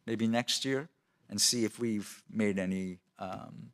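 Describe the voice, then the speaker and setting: A city department official answering questions at a council meeting in a conversational way, with many fillers and restarts. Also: male voice, fairly low pitch, takes it slowly, fairly bright tone.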